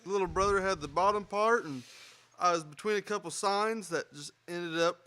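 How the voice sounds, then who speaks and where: A man's voice: sits high, moderate pace, pushed and bright. A man telling a childhood story in a laid-back podcast chat.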